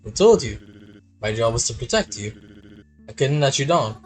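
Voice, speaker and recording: A man voicing a wounded male bodyguard who is loyal and calm, speaking in quiet, steady reassurance with a husky tone. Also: medium pitch, moderate pace, faint music behind, lightly acted, low-quality recording. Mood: gentle.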